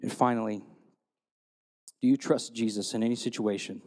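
A man's voice: lowish voice, moderate pace. Man preaching a sermon in a reverberant hall. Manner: storytelling, animated when retelling scripture. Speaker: pastor.

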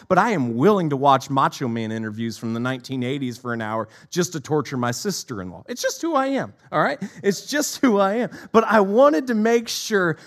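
A man in his forties preaching a sermon, telling stories with lively repeated phrases. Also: on the high side.

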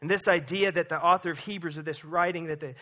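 Bright high-voiced male pastor preaching. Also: fast. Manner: animated storytelling, acts out disciples' voices; conversational with frequent restarts and "okay?" check-ins. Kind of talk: sermon.

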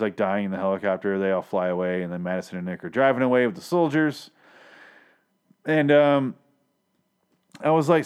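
A man hosting a podcast, recapping a TV episode in a rambling, sarcastic, profane monologue full of self-corrections. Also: medium pitch. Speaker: podcast host reviewing a TV episode. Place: Los Angeles.

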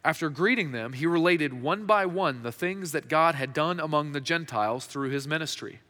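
A man's voice: a little high, moderate pace, pushed and bright. A male pastor preaching a sermon in a conversational way, often restarting his sentences. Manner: conversational, with frequent restarts and fillers. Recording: reverberant hall.

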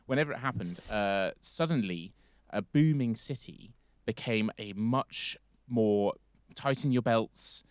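An English man hosts a casual history podcast, chatty and rambling, correcting himself as he goes. His voice is lowish and smooth, a little slow, with hardly any pauses.

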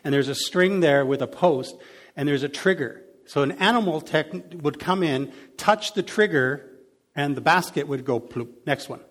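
A man preaching a sermon in a conversational way, adding lively sound effects to his examples. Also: on the high side, moderate pace. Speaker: pastor. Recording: long hall reverb.

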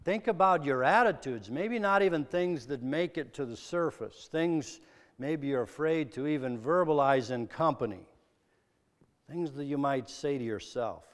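Slow, earnest preacher man in a reverberant hall. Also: fairly high pitch, animated. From American Midwest. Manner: probing rhetorical questions, earnest and searching. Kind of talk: sermon.

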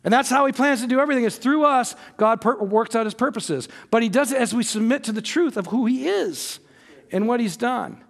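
A man's voice: extremely high pitch, animated, brisk, gravelly. A man in his forties preaching a sermon, telling family stories in an earnest way that rises to emphatic peaks. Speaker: pastor.

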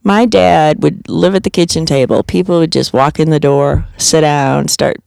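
Gravelly-voiced woman host, dry mic. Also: deep voice, steady tone, moderate pace, darkish tone, dry recording. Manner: chatty storyteller, laughs often. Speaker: radio show host. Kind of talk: casual podcast chat.

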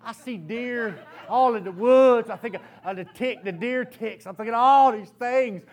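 A man preaching a sermon, telling a story in an animated way and often laughing as he speaks. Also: very high voice. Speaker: pastor.

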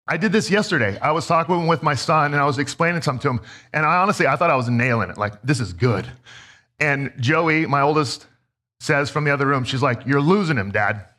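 A man in his thirties preaching a sermon as a pastor, telling stories in a conversational, self-deprecating way. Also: quick pace. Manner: conversational, self-deprecating storytelling with lively pitch swings.

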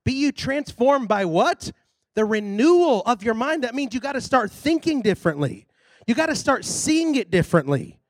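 In church, a man preaches at moderate speed with an extremely high-pitched voice, spinning a story casually and animatedly until it swells into shouted, loud exhortations. No echo is present.

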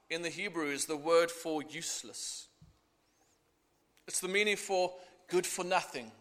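Expressive preacher with a bright voice. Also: male voice, a little high, unhurried. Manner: earnest, expressive, acts out the scripture. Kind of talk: sermon. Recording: echoey hall.

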